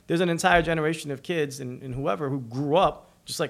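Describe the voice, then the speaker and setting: A man's voice: a little high, fast, vocal fry, hardly any pauses. A man from Suriname, a guest on a podcast, telling casual anecdotes and acting out the people in them. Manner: animated, acts out quotes in shifting voices. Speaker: podcast guest, record label executive. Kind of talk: casual storytelling.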